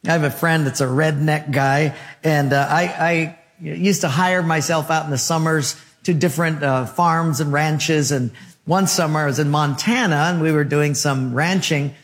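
A man's voice: fairly high pitch, fairly even intonation, moderate pace, fairly bright tone. A man preaching a sermon as pastor, in rhythmic repeated phrases and short punchy lines, telling stories with good humor.

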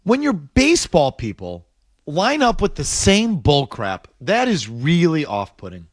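A man hosting a sports talk radio show, blunt and quick to laugh. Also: on the high side, huge pitch swings, dry recording, studio quality.

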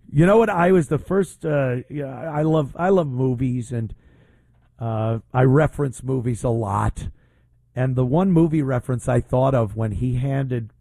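Male radio host, blunt, indignant, rambling; mellow, dry studio sound. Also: medium pitch, gravelly, dry recording. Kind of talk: opinionated radio talk.

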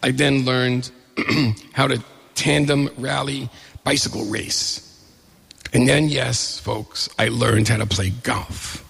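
Man, middle-aged, live storyteller, gravelly, husky, acts out other voices, hall reverb. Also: mid-range voice, slight background noise. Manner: lively storyteller who acts out the other people in his story.

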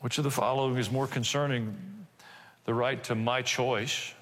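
Older pastor preaching in an echoing hall. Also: male voice, medium pitch, fairly even intonation, normal speed, a bit bright. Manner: conversational preaching with asides and rhetorical questions. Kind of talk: sermon. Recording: reverberant church hall.

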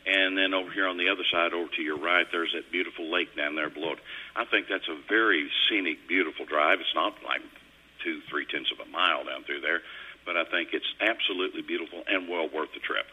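A man's voice: low voice, fairly quick, sharp tone, slightly rough, poor audio. A middle-aged man, hosting a radio show in a folksy, rambling storytelling way. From Kentucky. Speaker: radio host. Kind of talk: casual on-air chat. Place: radio studio.

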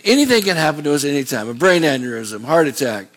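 A man's voice: fairly high pitch, sing-song, fast talker. A middle-aged man preaching a sermon as a pastor, in a conversational way with rambling asides.

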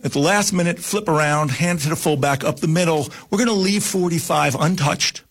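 A man re-enacting a confident high school football coach who explains a trick play in a plain, matter-of-fact way. The voice is gravelly and slightly husky, pitched a little high for a man. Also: fairly quick, a bit bright. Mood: scheming.

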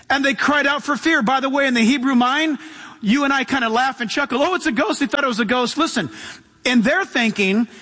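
A man's voice: extremely high pitch, pushed and bright. A man preaching a sermon as pastor, reading scripture aloud and calling out to the congregation. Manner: reads scripture then preaches with call-outs to the congregation. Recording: long hall reverb.

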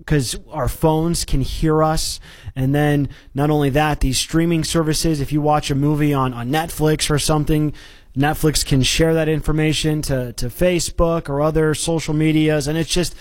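A man's voice: a little high, fairly even intonation, moderate pace, darkish tone. A man hosting a morning radio show, chatting casually with his newsman in a rambling way with frequent restarts. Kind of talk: radio news chat.

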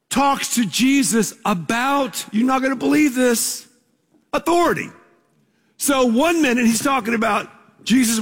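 A man's voice: very high-pitched, fairly bright tone, breathy edge. A man preaching a sermon as pastor, conversational and emphatic, asking the congregation to repeat words with him. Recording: long reverb of a large hall.

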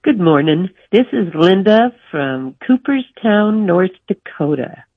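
An older woman calling in to a radio show over a thin, tinny phone line. Her husky voice sits slightly low but moves up and down a lot, and she talks slowly, recounting a family saying. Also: lively intonation, no room sound. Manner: slow, friendly storytelling. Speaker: caller.

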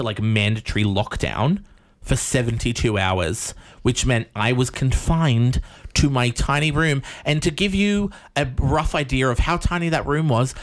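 A man co-hosting a casual chat show, telling stories with exasperated asides. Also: medium pitch. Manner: animated storyteller, exasperated asides. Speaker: podcast co-host.

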